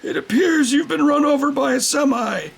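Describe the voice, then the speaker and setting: A shrill pompous old doctor. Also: male voice, moderate pace, gravelly. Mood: mock-grave. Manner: loud, squeaky, mock-dramatic.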